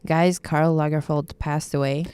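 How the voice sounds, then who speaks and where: Young woman podcast co-host, calm and soothing, smooth clear voice, dry close sound. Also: measured pace, dry recording. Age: young adult. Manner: calm, soft-spoken, low-key delivery. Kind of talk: casual chat.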